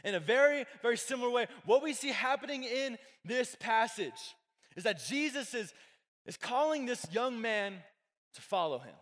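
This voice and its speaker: A youth pastor, a young man with a very high-pitched, expressive and slightly bright voice, gives a casual sermon at a moderate pace. Chatty and full of fillers, he jokes with a live audience in a church hall where long reverb lingers.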